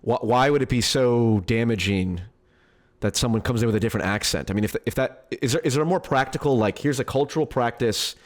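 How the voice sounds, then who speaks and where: A man's voice: mid-range voice, a little fast. A man moderating a debate, cutting in to steer it with clarifying questions.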